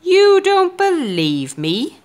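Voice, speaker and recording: Storybook giant, boastful and indignant, high and drawn out, voiced by a woman. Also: huge pitch swings, slow pace, full character voice. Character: boastful male giant who shapeshifts.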